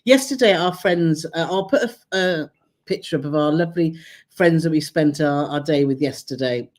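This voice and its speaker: A woman's voice: low voice, normal speed, a little mellow. Chatty woman with tag questions. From England near the Welsh border. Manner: chatty, rambling, tag questions to her partner. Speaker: co-host of a travel channel live stream. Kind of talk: casual live-stream chat.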